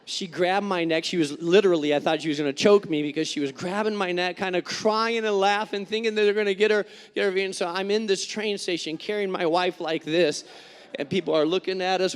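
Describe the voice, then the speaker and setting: A male pastor delivers a sermon in a reverberant church sanctuary, where his words ring out with a long tail. His voice sits high for a man. He tells stories with animation and acts out the people in them. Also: fairly quick, smooth. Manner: animated storytelling with acted-out quotes.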